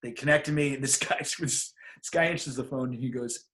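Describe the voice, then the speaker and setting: On an interview show, a middle-aged male guest recounts a personal story, casual and lively, at a moderate pace and medium pitch. He acts out the voices of the people he quotes.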